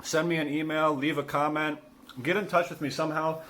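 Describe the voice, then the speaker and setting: A man, a school gym coach, talking casually to his students in a home cooking vlog, relaxed and chatty, sometimes with his mouth full. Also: on the high side, a little fast.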